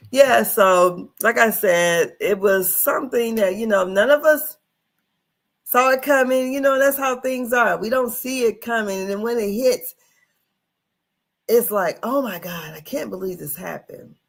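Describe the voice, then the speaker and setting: A woman's voice: fairly high pitch, takes it slowly, pauses often. A middle-aged woman hosting a casual livestream, chatty and folksy, calling her viewers honey. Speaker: livestream host.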